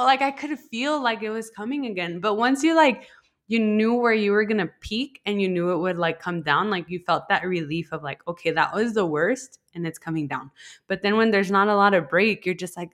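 A woman's voice: medium pitch, normal speed, dry recording, studio quality. A young woman telling a personal story in a casual chat. She fills her talk with "like" and acts out the lines she quotes. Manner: animated, heavy use of "like", acts out quoted lines. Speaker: podcast guest.

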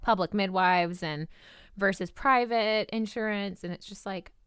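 A woman's voice: mid-range voice, unhurried, fairly bright tone, smooth, dry recording, clean studio sound. A young woman co-hosting a podcast, chatting casually in a bubbly, giggly way with lots of "like". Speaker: podcast co-host. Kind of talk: casual chat.

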